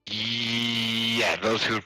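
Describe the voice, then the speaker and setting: A man running a tabletop game as game master, narrating haltingly with many fillers. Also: medium pitch, little pitch movement, pushed and bright, no echo, soft background music, rough recording. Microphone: online voice call.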